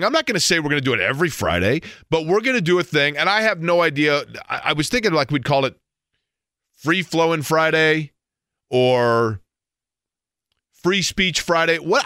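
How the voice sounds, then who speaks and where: A man's voice: on the high side, very animated, moderate pace, sharp tone, no room sound, clean studio sound. A middle-aged man hosting a sports talk radio show, rambling playfully and poking fun at himself. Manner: rambling, playful, self-mocking.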